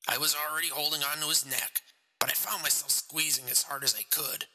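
A man voicing a large, hoarse-voiced killer who confesses calmly without a waver. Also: a little fast, big-room sound, poor audio. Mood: menacing. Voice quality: hoarse, low, flat.

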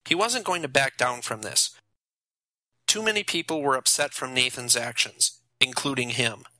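A man narrating an audiobook in a steady, even storytelling manner. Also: medium pitch, normal speed, no echo, low-quality recording.

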